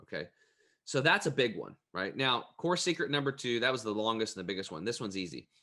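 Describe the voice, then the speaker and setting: A man speaking as an interview guest, an energetic, emphatic and plain-spoken storyteller. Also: on the low side, quick pace.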